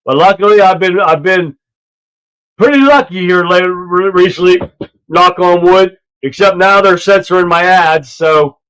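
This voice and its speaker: A man hosting a casual livestream, talking loudly and rambling between clips, on an earpiece mic. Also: sits high, normal speed, clear, resonant tone, rough recording. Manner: loud, rambling, laughs at his own clips. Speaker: livestream host.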